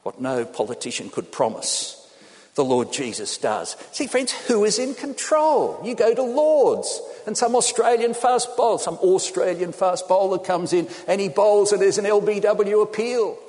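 A man preaching a sermon, animated and acting out the people he quotes. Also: sits high, moderate pace. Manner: animated, acts out quotes in changing voices. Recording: long hall reverb.

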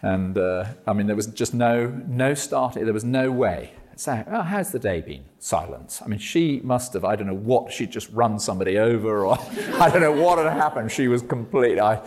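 A man giving a jokey, animated talk on evangelism to a meeting. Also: lowish voice, moderate pace, hardly any pauses. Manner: jokey, animated, self-mocking asides. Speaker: preacher.

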